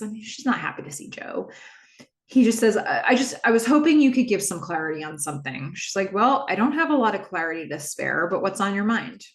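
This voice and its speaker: Animated woman recapping, roomy sound. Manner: animated retelling, quoting characters with shifting pitch. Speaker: podcast host recapping a TV episode. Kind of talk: casual recap with acted-out dialogue. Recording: roomy echo.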